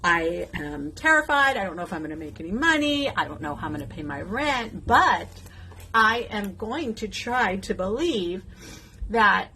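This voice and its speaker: A beauty content creator in her fifties chats casually with her viewers while doing her makeup, emotional, outspoken and outrageous as she addresses them directly. Her medium-pitched voice is bright and forceful, with slight background noise.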